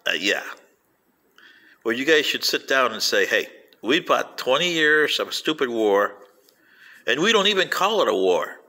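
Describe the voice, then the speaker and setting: Older male storyteller, gravelly and bright-toned, animated delivery full of quoted voices. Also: medium pitch, moderate pace, long pauses. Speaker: vlogger playing an alien commentator. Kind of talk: rambling anecdotal monologue.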